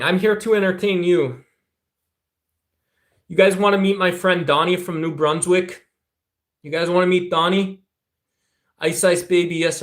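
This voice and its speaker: Fiery, profane, high-voiced male streamer. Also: a bit bright, echoey room. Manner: heated, profane, talks straight to chat. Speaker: livestream host. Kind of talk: ranting livestream chat.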